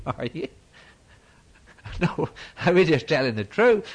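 A man's voice: mid-range voice, very animated, measured pace, pauses often, husky. A male preacher delivering a sermon from the pulpit, emphatic and rhetorical, with folksy turns of phrase.

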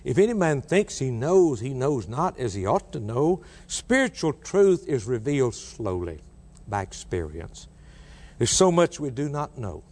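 A man preaching a sermon, telling a story in a folksy way, repeating himself, and climbing high on emphatic quoted lines. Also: very animated, a little slow, darkish tone, big-room sound. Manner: folksy, with repeated words and asides.

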